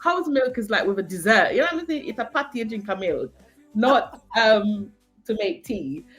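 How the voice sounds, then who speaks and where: A woman from Jamaica with a Jamaican accent, a guest telling stories in a casual, animated chat, laughing often and using many fillers. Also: mid-range voice, moderate pace, soft background music.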